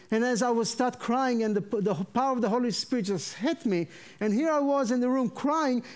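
A man from Israel, preaching his testimony in an animated way and acting out the voices in his story. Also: sits high. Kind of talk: sermon testimony.

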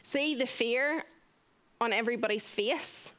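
A woman's voice: fairly high pitch, unhurried. Young woman telling a story. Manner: vivid, animated retelling with acted-out quotes. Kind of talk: personal story told to listeners.

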